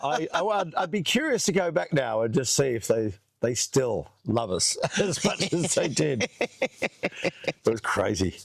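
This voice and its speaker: A man's voice: mid-range voice, unhurried, gravelly, breathy edge, no echo. A man hosting a casual chat, telling a long funny story with lots of laughing. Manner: animated storyteller doing voices, laughs often. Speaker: host. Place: outdoors under a tree.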